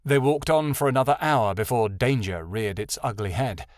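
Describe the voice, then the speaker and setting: A man narrating a fantasy audiobook in an expressive storytelling style. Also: mid-range voice, normal speed, no room sound, studio quality. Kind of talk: scripted narration.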